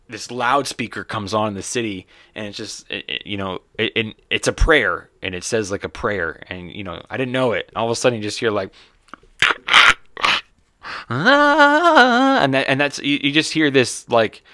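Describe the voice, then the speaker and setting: A man's voice: fairly low pitch, no echo, studio quality. An American man hosting his own podcast, a stand-up comedian talking in a loose, swearing, rambling monologue with lots of restarts. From United States. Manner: profane, rambling and animated, with many restarts. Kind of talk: casual solo podcast monologue.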